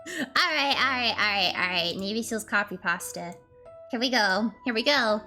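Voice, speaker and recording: A woman's voice: medium pitch, animated, moderate pace, pushed and bright, soft background music. A woman streaming a game, reading its narration aloud and chatting playfully with laughter.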